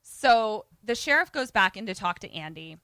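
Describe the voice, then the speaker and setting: Bright, animated woman podcast co-host. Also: mid-range voice, normal speed, clean tone, no room sound. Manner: animated, profane, acts out voices. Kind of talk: casual chat retelling a film.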